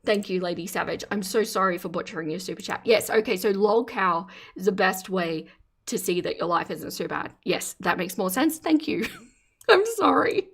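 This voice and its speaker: A woman hosts a live reaction stream, chatting casually as she comments on a video, giggling and laughing often, reading her chat aloud and teasing playfully. Her medium-pitched voice is lively, a bit bright and slightly rough, with vocal fry, at a moderate pace.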